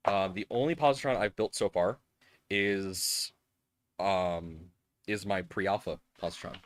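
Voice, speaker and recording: Rambling man, low dry voice. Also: a bit bright, no room sound. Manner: rambling, emotional, many fillers and restarts. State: tearful at times. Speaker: live-stream host building a 3D printer. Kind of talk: casual live-stream chat. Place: home workshop table.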